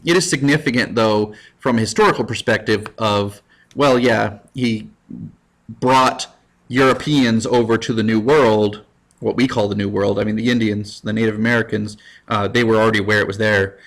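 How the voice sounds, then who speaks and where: A man's voice: mid-range voice, fairly bright tone. Joking male history teacher. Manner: casual and playful, with goofy asides and put-on quotes. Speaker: high school history teacher. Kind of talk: jokey recorded lecture.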